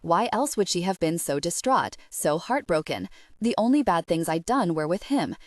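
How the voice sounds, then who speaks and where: A young woman narrating a first-person romance audiobook in an expressive, emotional way. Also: fairly low pitch, moderate pace, no echo, clean studio sound.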